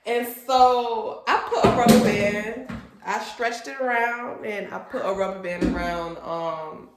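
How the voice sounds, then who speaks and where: A woman in her late twenties from a Haitian family, telling a personal story in an animated, expressive storytime vlog. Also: medium pitch, measured pace, heavy background noise. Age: late 20s. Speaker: vlogger. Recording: roomy echo.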